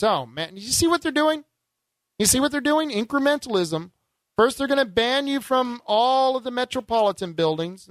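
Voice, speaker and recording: A man's voice: on the high side, dry recording. A man hosting political call-in talk radio, fervent and rhetorical, with folksy asides to his listeners. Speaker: radio talk show host.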